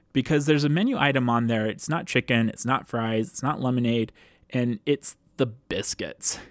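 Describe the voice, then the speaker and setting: A man's voice: medium pitch, no echo. Chatty enthusiastic male podcast host. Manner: enthusiastic, chatty, laughs often. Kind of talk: casual podcast monologue.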